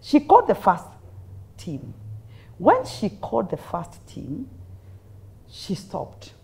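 A woman with a Kenyan accent, a guest sharing her faith testimony in an interview as a dramatic, lively storyteller. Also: medium pitch, slow pace, creaky. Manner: dramatic, lively storyteller who mixes in Swahili phrases.

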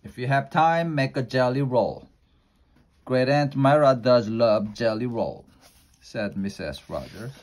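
A man reading a children's storybook aloud in a plain, unhurried way, slowing down for effect. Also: medium pitch, darkish tone. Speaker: storybook reader.

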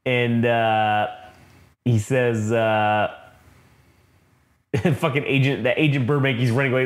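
A man's voice: mid-range voice, steady tone, a little slow, pauses often. Swearing, rambling man recapping comics. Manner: rambling, profane, reads dialogue aloud with filler words. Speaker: podcast co-host. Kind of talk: casual comic book recap.

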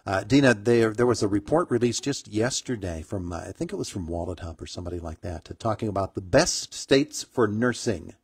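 A man hosting a small-town morning radio show, middle-aged and chatty. His voice sits low and sounds husky. The sound is dry and close, and he keeps restarting phrases with plenty of fillers. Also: expressive, no echo. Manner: halting, many fillers and restarts. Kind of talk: casual radio interview.

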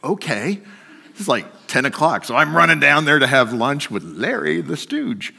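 A middle-aged man telling a personal story during a sermon, shifting between lively and hushed. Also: a little high, normal speed, creaky, breathy edge. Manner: storytelling, swings from animated to hushed. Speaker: guest speaker. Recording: long hall reverb.

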